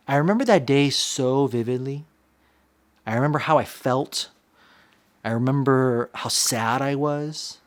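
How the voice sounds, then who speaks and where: Man in his thirties, pastor, personal confession, earnest, halting, repeats himself, mid-pitched voice.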